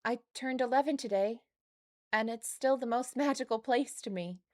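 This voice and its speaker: A woman's voice: fairly high pitch, normal speed, no room sound, studio quality, natural voice. A woman reading aloud the diary of an eleven-year-old girl, lightly raising her voice for the child. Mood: wistful.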